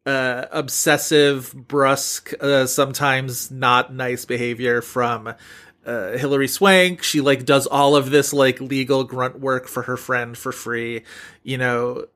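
A man's voice: mid-range voice, steady tone, slow, fairly bright tone. A man co-hosting a podcast in casual chat, rambling with many fillers and laughs. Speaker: podcast co-host.

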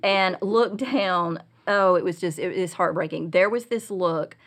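A middle-aged woman telling a personal parenting story as a guest, earnest and confessional, growing animated when she retells scenes. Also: lowish voice, a little slow. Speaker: guest speaker on Christian parenting.

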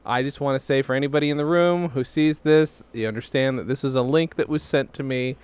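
A man's voice: mid-range voice, a little fast, smooth. A man co-hosting a podcast, joking and laughing in casual comedic chat at a desk microphone. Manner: joking, animated, laughs often. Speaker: podcast co-host.

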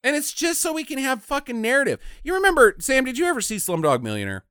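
Animated, ranting man recapping a movie. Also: very high-pitched, fast talker, clear, resonant tone, no echo, clean studio sound. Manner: ranting, mocking, acts out characters in silly voices. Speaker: podcast co-host reviewing a movie. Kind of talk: profane casual movie recap.

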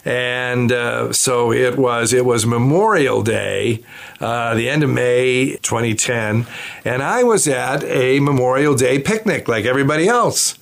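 A man's voice: medium pitch, a little slow, gravelly. An older man, a bishop, telling a personal story in a chatty way, with many fillers and restarts. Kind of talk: anecdotal storytelling.

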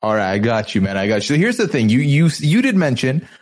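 Animated man hosting a recap chat. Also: medium pitch, fast. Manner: animated storyteller, acts out quotes. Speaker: podcast host.

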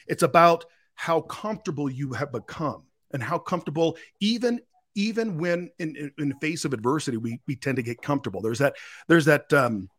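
A man's voice: fairly high pitch, fairly quick, a bit bright. A man, a real estate agent guest on a podcast, chatting casually and energetically, often repeating words.

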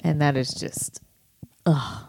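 A woman's voice: low-pitched, normal speed, mellow, slight background noise. A woman in her thirties co-hosting a casual faith podcast, telling stories with many fillers and restarts. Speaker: podcast co-host.

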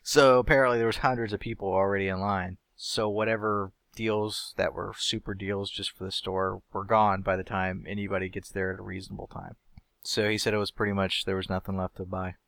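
Easygoing low man, dry sound. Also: level tone, fairly quick, gravelly, fairly bright tone, dry recording. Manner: easygoing, teasing, laughs often. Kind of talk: casual chat.

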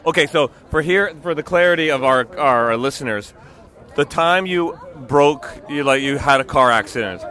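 A man's voice: fairly high pitch, animated, moderate pace, sharp tone. A man in his forties interviewing a guest with brief, prompting questions. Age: 40s. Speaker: podcast interviewer. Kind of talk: casual interview. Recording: faint crowd outdoors.

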